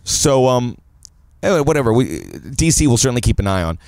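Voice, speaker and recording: A man co-hosting a casual sports podcast, jokey and animated, with quick asides. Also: mid-range voice, no echo. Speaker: podcast co-host.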